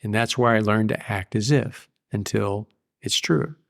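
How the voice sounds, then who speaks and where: A man's voice: on the low side, fairly even intonation, unhurried, gravelly. An older man in a candid interview about his recovery, blunt and profane, telling stories plainly. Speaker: guest.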